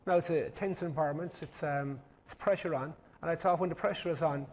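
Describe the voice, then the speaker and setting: Measured Irish panel guest. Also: male voice, on the high side, darkish tone, slight background noise. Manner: measured, hesitant, many ums.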